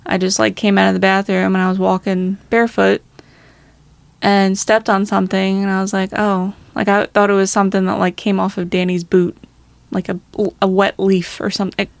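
A woman's voice: mid-range voice, level tone, fairly quick, gravelly, dry recording. A young woman co-hosting a podcast, telling a story in casual chat. She rambles, swears a lot and laughs between phrases. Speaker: podcast co-host.

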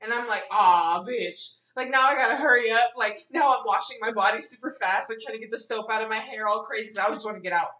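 A woman's voice: on the high side, fast talker, few pauses. Young woman, casual chat, cusses a lot, echoey room, distant from mic. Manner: expressive, swears often. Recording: roomy, a bit off-mic.

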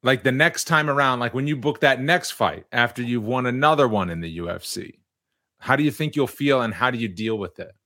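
A man hosting a podcast, asking questions in a relaxed, conversational way. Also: medium pitch, a little fast, no room sound, studio quality. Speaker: podcast host, interviewer. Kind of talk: casual podcast interview.

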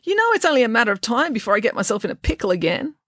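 Clingy, emotional big fellow, as a woman reads him: high, loud, wailing storybook voice. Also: very animated, rapid-fire, dry recording, studio quality. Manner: wailing, pleading. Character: large emotional young man, clingy and weepy. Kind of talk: storybook reading.

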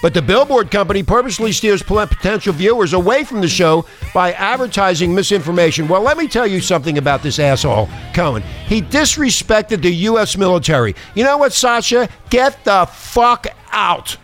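A man's voice: high voice, animated, fairly quick, few pauses, fairly bright tone, faint music behind. A man hosting a talk radio show, ranting angrily with profanity and mocking sarcasm. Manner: angry, profane, combative ranting.

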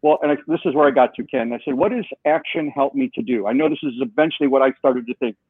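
A man's voice: mid-range voice, fast talker, breathy edge, dry recording. A man guest in an interview, telling a long story with animation and acting out the dialogue he quotes. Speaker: guest, software co-founder. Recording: tinny phone-like line.

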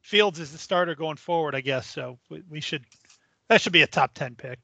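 A man's voice: a little high, moderate pace, vocal fry, pushed and bright, no room sound. A man co-hosting a sports podcast, griping bluntly with frequent swearing. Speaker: podcast co-host. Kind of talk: casual podcast banter.

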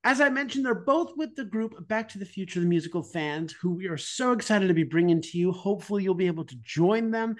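A podcast host who opens the show and greets guests with effusive enthusiasm. The voice sits at a middle pitch, and the host keeps talking brightly into the next question. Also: expressive, quick pace, few pauses. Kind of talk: upbeat podcast hosting.

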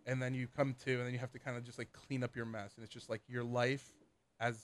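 A man's voice: mid-range voice, little pitch movement, slight background noise. A young man co-hosting a podcast, riffing on ideas, asking questions and laughing readily in casual chat. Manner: quick to laugh, riffs on ideas, asks questions. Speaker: podcast co-host.

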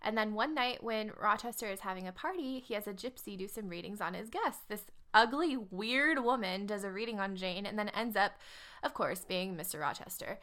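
A woman's voice: mid-range voice, expressive, normal speed, fairly bright tone. A young woman co-hosting a casual book podcast, chatty and wry, with frequent fillers and asides. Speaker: podcast co-host.

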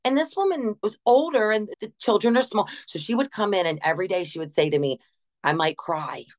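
A woman's voice: medium pitch, fast. A woman, a gym's general manager, telling stories in an interview and acting out quotes as she goes. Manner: animated, laughing, acts out quotes. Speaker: gym general manager, guest. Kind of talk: casual interview storytelling.

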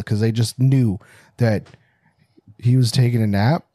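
A man co-hosting a podcast, joking through a movie recap and acting out characters with sudden jumps in pitch. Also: steady tone, measured pace, warm tone, dry recording, clean studio sound. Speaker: podcast co-host. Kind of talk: casual movie-recap banter.

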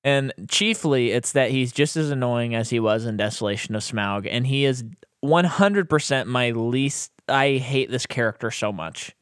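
A man's voice: mid-range voice, moderate pace, clear, resonant tone, dry recording, studio quality. A man co-hosting a podcast, chatting casually about a movie with blunt opinions and frequent laughs. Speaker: podcast co-host. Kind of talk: casual movie review chat.

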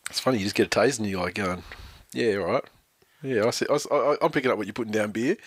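An Australian man with a fairly low voice, recorded close and dry with no room sound. He co-hosts a casual podcast, swearing freely and rambling through anecdotes, laughing as he goes. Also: quick pace, slightly rough, no room sound. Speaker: podcast co-host. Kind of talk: casual chat.

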